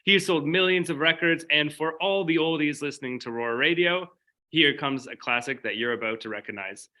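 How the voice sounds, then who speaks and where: Very bright radio co-host. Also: male voice, a little high, a little fast. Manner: playful, mock-earnest. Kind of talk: comedic radio banter.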